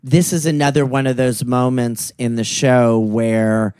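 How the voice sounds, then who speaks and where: A man with a mid-pitched voice co-hosts a relaxed podcast chat. He is reflective and often restarts his sentences. The sound is dry and close. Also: measured pace, smooth, no room sound. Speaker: podcast co-host. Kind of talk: casual chat.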